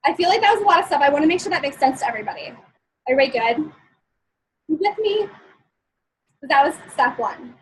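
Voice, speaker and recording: A woman's voice: high-pitched, expressive, fast talker, long pauses, a bit bright, a little hiss or hum, rough recording. A woman giving a live-streamed motivational talk. She is chatty and upbeat, laughs often between points, and keeps checking in with her listeners. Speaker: motivational speaker.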